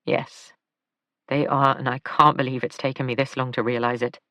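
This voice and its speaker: A woman reading a tired, injured man who talks softly and apologetically in an audiobook. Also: very deep voice, flat delivery, moderate pace, no room sound, pitched below the performer's own voice, full character voice. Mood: weary.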